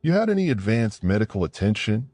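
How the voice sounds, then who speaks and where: A man's voice: lowish voice, very animated, a little fast, warm tone, no room sound. A man voicing a guarded former-soldier woman rancher, asking short, curt questions in a storybook reading. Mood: wary.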